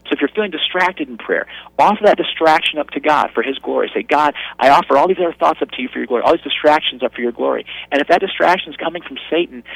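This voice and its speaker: Gravelly, husky man telling a story. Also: no room sound, low-quality recording. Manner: earnest storytelling, dropping soft and low at tender moments. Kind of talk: personal testimony on prayer.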